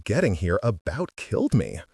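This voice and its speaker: A man voicing a gentle, encouraging teenage girl in an audiobook story. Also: fairly low pitch, huge pitch swings, normal speed, creaky, slightly rough, no room sound, studio quality, heavily acted. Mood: kind.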